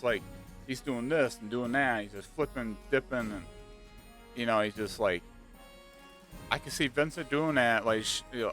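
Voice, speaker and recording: A man chatting casually and excitedly about a video game, rambling with lots of fillers. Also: mid-range voice. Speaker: gaming channel host. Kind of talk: casual speculative chat. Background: faint background music.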